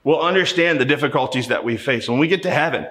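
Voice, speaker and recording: Talking fast, a middle-aged man from Ohio preaches as pastor and recounts a personal story in a conversational style, often repeating words when starting a sentence. His voice is mid-range and fairly bright.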